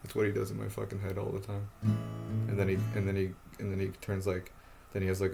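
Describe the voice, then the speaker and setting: A man's voice: deep voice, completely flat delivery, fast talker, gravelly, dark tone, faint music behind. A man talking to his phone camera in a rambling, agitated monologue, swearing often and circling back to the same points. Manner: agitated, profane, repetitive. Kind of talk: rambling self-recorded monologue.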